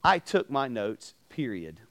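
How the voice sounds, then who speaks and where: A man preaching at a campus ministry, telling a story with animated acted-out voices and questions to his listeners. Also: mid-range voice, a little slow, vocal fry. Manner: animated, acts out voices in anecdotes, asks the crowd questions. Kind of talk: storytelling sermon. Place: campus ministry meeting room.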